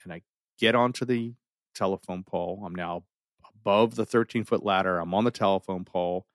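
A middle-aged man telling a personal story in an animated way, full of restarts and dramatic pauses. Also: sits low, no echo, studio quality.

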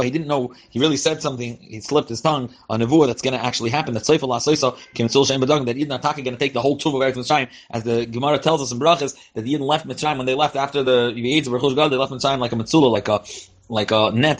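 A man teaching a Torah class, reading Hebrew verses and translating them phrase by phrase in loose spoken style. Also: medium pitch. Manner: reads Hebrew phrases then translates, Yiddish-inflected yeshivish terms; loose spoken delivery with fillers and restarts. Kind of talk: verse-by-verse Chumash and Rashi class.

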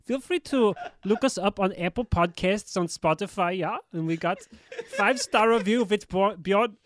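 A man's voice: high-pitched, expressive, measured pace, creaky, exaggerated voice. A man putting on a playful German accent to read a podcast outro, like a mock announcer.

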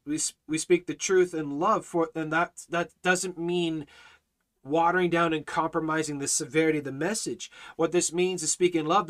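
A man with a voice on the high side teaches a Bible study in a fiery preaching style. He hammers his points home with repeated phrases, rising to near shouts.

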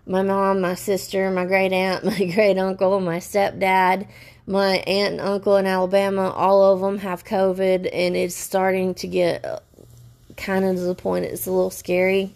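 A woman rants to her viewers in a stressed, halting way, restarting her sentences again and again. Her voice is gravelly with a lot of fry. Her pitch stays flat and level throughout. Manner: upset, halting, many restarts. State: stressed and upset. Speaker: vlogger. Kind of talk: personal rant to camera.

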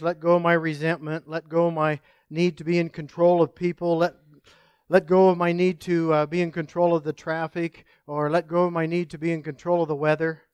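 High-voiced earnest male pastor. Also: clean tone, no room sound. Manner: earnest, folksy storytelling with frequent restarts. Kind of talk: sermon.

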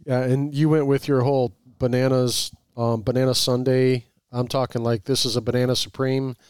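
Male podcast co-host, mid-pitched voice, playful and teasing, dry close-mic sound. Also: little pitch movement, darkish tone, smooth, dry recording. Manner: playful, teasing, quick to laugh. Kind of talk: casual chat.

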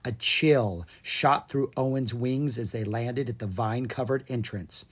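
A narrator reading a children's storybook aloud in an expressive, playful way. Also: medium pitch, a little slow, breathy edge.

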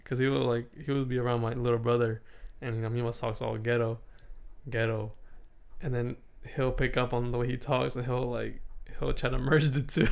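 A man in casual podcast chat, laid-back and often laughing as he tells drawn-out stories. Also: medium pitch, flat delivery, creaky, a little mellow.

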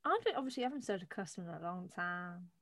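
A woman co-hosting a podcast in casual chat, animated and blunt, swearing and asking rhetorical questions. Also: on the low side, very fast, dry recording. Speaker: podcast co-host.

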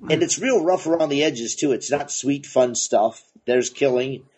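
A man co-hosting a casual comics podcast, excitable and profane, laughing often. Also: mid-range voice, normal speed, slightly rough. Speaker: podcast co-host, comic shop owner. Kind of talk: casual chat about comics.

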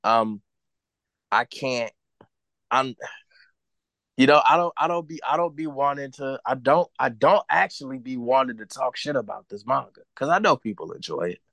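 Gravelly dude ranting hard on a podcast, cussing a lot, dry sound. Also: male voice, medium pitch, lively intonation, moderate pace, fairly bright tone, no room sound. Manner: blunt, profane, heated ranting. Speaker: podcast co-host. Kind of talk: casual chat.

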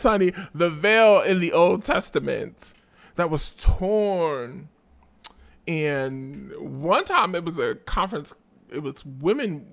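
A man hosting a podcast with a gravelly, creaky voice. He talks slowly and chattily, tossing in playful asides. He sounds tired and keeps yawning. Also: a little high, fairly bright tone. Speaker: podcast host. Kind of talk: casual chat.

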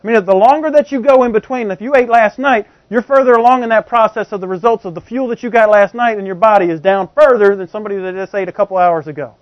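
A man preaches a conversational teaching sermon, explaining through everyday examples and often checking that his congregation is following along. His voice sits high and moves quickly with hardly any pauses, and the recording has no echo but sounds slightly dull and muffled.

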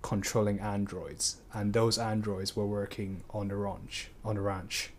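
A man with a fairly low voice talks about a book in a relaxed, casual way. He hesitates often, circling back and filling pauses as he works out his thoughts. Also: a little hiss or hum. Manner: hesitant, rambling with many fillers. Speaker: book discussion participant. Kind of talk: casual discussion.

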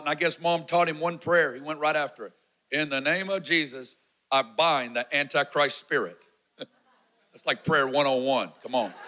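A man in his forties gives a sermon testimony, recounting his story with animated energy and acting out the shouts and quotes. His voice is a little high, and the audio quality is poor.

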